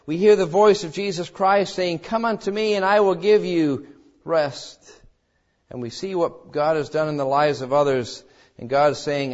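Man, pastor, sermon, dramatic preaching, somewhat high voice, muffled recording. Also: lively intonation, normal speed. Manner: preaching with dramatic rises, voicing quoted cries and God's words.

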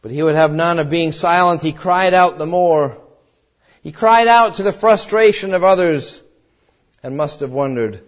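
High-voiced earnest male preacher. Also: normal speed. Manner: earnest, swelling with fervor at the appeals. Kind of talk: sermon retelling a Bible story. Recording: dull lo-fi recording.

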